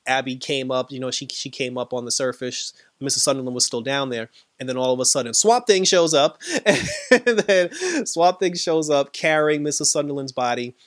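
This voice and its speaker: Animated man recapping an episode. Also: mid-range voice, normal speed, no room sound. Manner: animated retelling, quoting characters, frequent laughs. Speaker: TV episode reviewer.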